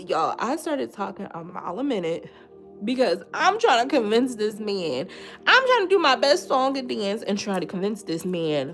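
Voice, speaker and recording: Animated young woman telling a story. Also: a little high, normal speed, faint music behind. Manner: animated, swinging from loud outbursts to quiet asides, swears. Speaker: vlogger telling a personal story. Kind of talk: casual storytime.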